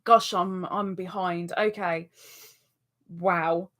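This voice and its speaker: A woman hosting a live stream in a casual, chatty way, reading out viewer comments and answering them, with excitable exclamations. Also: on the low side, takes it slowly.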